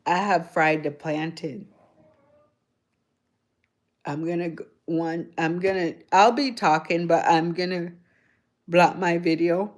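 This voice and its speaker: A woman's voice: lowish voice, fairly even intonation, takes it slowly, long pauses. A woman hosting a casual livestream, chatting in a rambling, easygoing way full of "like" and "you know". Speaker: livestream host.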